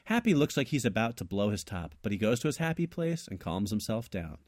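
A man co-hosting a casual podcast, telling a made-up movie ending with animated, laughing delivery. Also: fairly low pitch, a little fast, no echo, studio quality. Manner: animated, laughs often, trails off and restarts. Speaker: podcast co-host.

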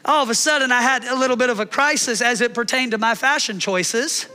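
A man in his thirties preaching a sermon, telling a personal story and acting out the scenes with animated delivery. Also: very high voice, fairly quick, long reverb tail. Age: 30s. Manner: animated, acts out his own shouting in the story. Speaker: pastor.

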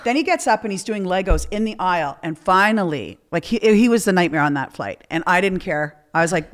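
A woman's voice: on the low side, animated, fairly quick, hardly any pauses. A woman guest on a podcast, telling candid stories in casual chat and acting out the people she quotes. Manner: candid storytelling with acted-out quotes.

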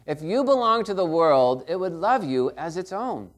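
A man's voice: a little high, very animated, normal speed. A middle-aged man preaching a sermon in a conversational way, often checking in with the congregation. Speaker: pastor.

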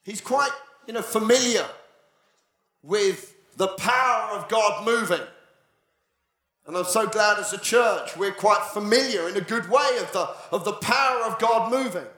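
A male pastor preaching a sermon, moving from dramatic, animated storytelling to hushed, near-whispered passages. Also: sits high, a little slow. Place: church. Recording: echoey church hall.

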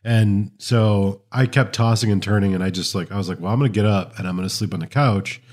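A man's voice: lowish voice, fairly quick, a little mellow. A man chatting casually on a podcast, laid back, laughing often and swearing casually. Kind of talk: casual chat.

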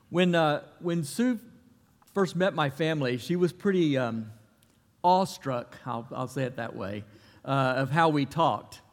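A man's voice: on the high side, measured pace, long reverb tail. A man, a pastor praying and then telling stories in a folksy, conversational way, with frequent restarts. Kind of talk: sermon with prayer and storytelling. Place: church.

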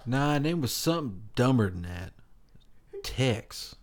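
A man's voice: medium pitch, lively intonation, slow, a little hiss or hum. A man co-hosting a podcast in casual chat, rambling and laughing, swearing casually. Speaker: podcast co-host.

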